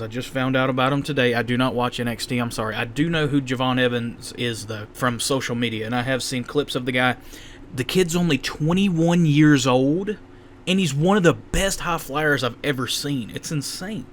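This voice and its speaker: A man's voice: medium pitch, fairly bright tone, a little hiss or hum. A young man casually reviewing a wrestling show in a rambling, candid way, often stopping to correct himself.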